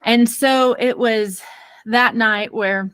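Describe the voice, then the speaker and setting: A woman parenting expert telling a personal story in an interview, lively and acting out quoted voices. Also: a little high, slow pace, clear, resonant tone, dry recording. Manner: many fillers and restarts.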